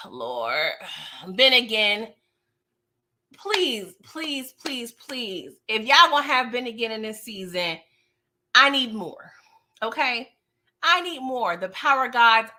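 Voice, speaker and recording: A woman's voice: medium pitch, bright, forceful tone. A woman hosting a casual livestream recap of a TV show, chatting in slangy, playful talk and laughing often.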